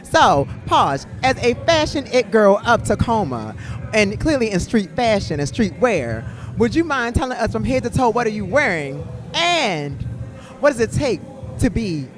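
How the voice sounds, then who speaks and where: A man's voice: sits high, sing-song, measured pace. A man hosting a livestreamed event, interviewing guests with flamboyant, theatrical introductions. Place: outdoor event with music. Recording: loud music behind outdoors.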